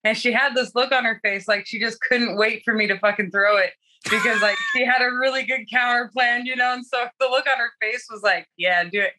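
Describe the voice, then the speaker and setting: A woman's voice: a little high, fairly even intonation, a little fast, bright, forceful tone, poor audio. A young adult woman fighter telling her story candidly in a casual interview, laughing often and swearing freely. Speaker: guest fighter.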